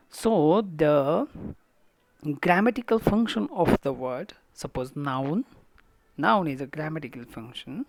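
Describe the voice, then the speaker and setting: A woman with an Indian English accent gives a college lecture on English meter, speaking deliberately and often pausing, restarting and filling with "uh" and "mm". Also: deep voice, a little mellow, no room sound. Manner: halting, deliberate, with fillers and restarts.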